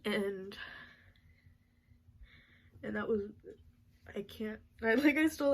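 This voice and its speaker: A young woman recording a halting birthday message to her grandmother, crying as she talks, with many pauses and restarts. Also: fairly high pitch, rough recording.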